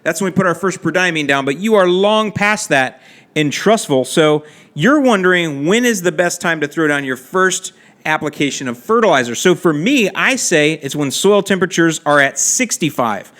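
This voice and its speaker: Speaking at a moderate pace, a man from Florida runs a laid-back podcast where he answers listeners' lawn care questions with chatty advice and side comments. His voice is on the high side, animated, and fairly bright.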